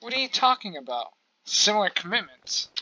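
The medium-pitched voice here is sing-song, bright and forceful, with the highs cut off. It belongs to a gameplay channel host doing relaxed let's-play commentary who talks to viewers directly, gets exasperated quickly, and swears freely.

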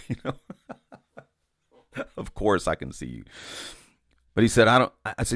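Guy with a really low voice giving a chatty sermon, dry close sound. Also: animated, fairly quick, fairly bright tone, no room sound. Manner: conversational, repeats words and restarts, says "you know" often. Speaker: preacher sharing a vision. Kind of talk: informal sermon to camera.

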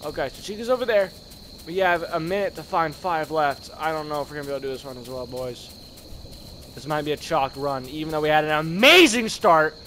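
Male gameplay commentator, high and hoarse, excitable, slang-heavy, with a slight background hiss. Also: a little fast. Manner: excitable, slangy, shouts at scares then mutters. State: hoarse, voice worn from screaming. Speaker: gaming video creator.

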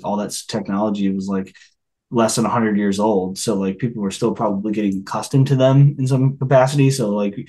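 A man's voice: on the low side, warm tone. A man co-hosting a podcast in casual chat, rambling with many restarts. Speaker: podcast co-host.

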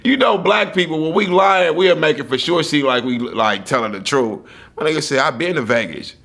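Gravelly husky man hosting a podcast. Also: a little high, moderate pace, a bit bright. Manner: blunt, laughs often, reacts to the guest. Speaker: podcast host. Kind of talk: casual podcast chat.

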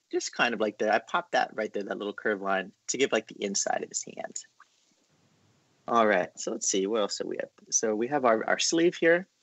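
A man's voice: mid-range voice, a bit bright, dry recording. A man hosting a casual drawing lesson, explaining each step in a chatty, encouraging way with lots of fillers. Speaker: art class host.

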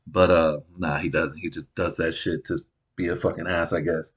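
Deep, husky, foul-mouthed storyteller man. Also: level tone, normal speed. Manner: rambling, swears constantly, laughs at his own jokes. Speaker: comedic recap vlogger. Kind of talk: profane comedic storytelling.

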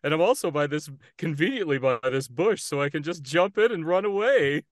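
A sly clown with a smooth, lilting voice, as a man puts him on, drawing his words out slowly and teasingly. His voice sits a little high, and the sound is dry and close. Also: lively intonation, dry recording, close to an everyday voice. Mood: sly playful.

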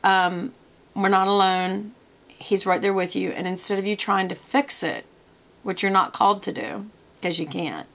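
A woman's voice: mid-range voice, vocal fry, a bit bright. Chatty woman rambling at her desk. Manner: chatty, wanders off on tangents, many fillers. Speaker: product review vlogger. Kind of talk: casual rambling to camera.

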